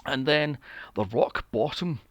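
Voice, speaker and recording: A man's voice: mid-range voice, a little slow, dry recording. A man hosting a podcast, ranting about films in a casual, exasperated and profane way. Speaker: podcast host. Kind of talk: casual film review rant.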